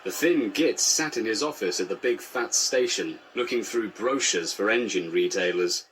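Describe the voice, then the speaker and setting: A man giving dry, deadpan comic storybook narration. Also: fairly low pitch, normal speed, background noise.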